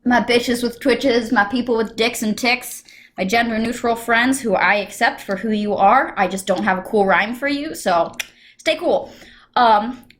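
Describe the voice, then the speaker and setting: A young woman from the United States telling a casual storytime vlog at home, animated and quick to burst into sudden shouts. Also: a little high. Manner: animated, breaks into sudden loud shouts and whispers. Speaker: vlogger. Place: home room.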